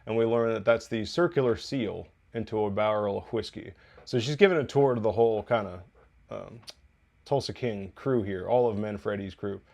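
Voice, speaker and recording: A man's voice: lowish voice, normal speed, gravelly, darkish tone. Chatty man recapping a TV episode. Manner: chatty, loose, profane asides, laughs while recapping. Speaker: TV review podcast host.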